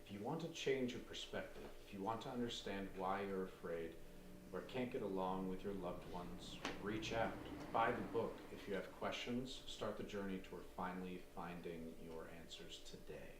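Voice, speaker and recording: A man reading the part of a male TV self-help presenter making a persuasive sales pitch at a live script reading. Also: moderate pace, lightly acted. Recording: roomy stage sound from far off, noise.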